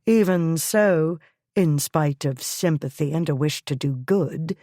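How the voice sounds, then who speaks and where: A woman narrates a novel in a slow, measured, even voice. Her tone is fairly low and mellow, recorded close and dry. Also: no echo. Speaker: audiobook narrator. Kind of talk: scripted narration.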